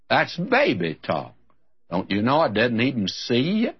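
A man's voice: mid-range voice, normal speed, breathy edge, highs cut off. A man giving a folksy, emphatic radio sermon as a Bible teacher, lifting his voice when quoting scripture. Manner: folksy, emphatic preaching with lively rises for scripture.

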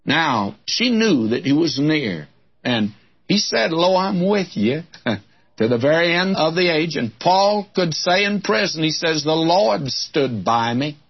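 Slow unhurried preacher guy, husky voice, dull old lo-fi tape sound. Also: medium pitch. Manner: expressive storytelling, quoting scripture in old-fashioned phrasing. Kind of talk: sermon.

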